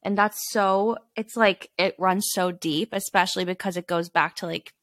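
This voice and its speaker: Supportive woman co-host, lower voice. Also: steady tone, moderate pace, no echo, studio quality. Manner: affirming and supportive, relating to her co-host. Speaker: podcast co-host. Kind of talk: casual chat.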